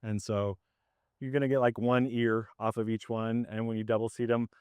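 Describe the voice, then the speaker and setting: A man leading a farm tour outdoors, explaining his farming in a casual, conversational way with lots of fillers, his voice slightly hoarse. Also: mid-range voice, little pitch movement, moderate pace, a little mellow, no room sound. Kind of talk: explaining while walking a group around.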